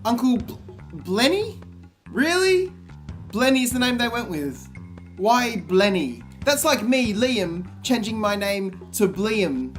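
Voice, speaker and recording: A man giving sarcastic, comedic commentary on a game, with exasperated and deadpan asides. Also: high-pitched, slow, soft background music.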